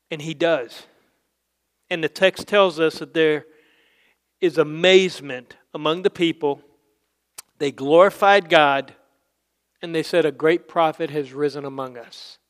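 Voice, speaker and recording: A man's voice: a little high, a little slow, long pauses. A man preaching a casual, conversational sermon, acting out Bible scenes in quoted voices. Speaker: pastor.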